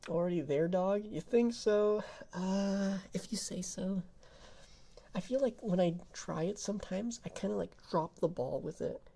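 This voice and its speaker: A young man chatting on an ASMR livestream as a VTuber, switching between whispers and soft talk, giggling often and swearing casually. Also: high voice, unhurried, vocal fry. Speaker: VTuber streamer.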